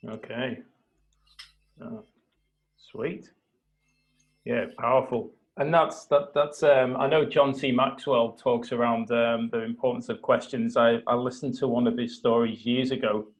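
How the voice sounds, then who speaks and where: A man hosting a live video call, retelling a story with lively acted-out quotes and a few restarts. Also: mid-range voice, measured pace, rough recording. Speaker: host of a mastermind call.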